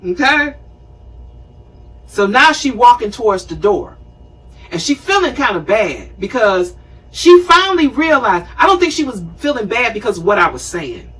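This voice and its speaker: Host, woman, 50s: husky, lively storyteller, recorded a little way off the mic. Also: on the high side, normal speed, far from the mic, low-quality recording. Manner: animated, conversational, acts out scenes. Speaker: show host. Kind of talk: storytelling talk show monologue.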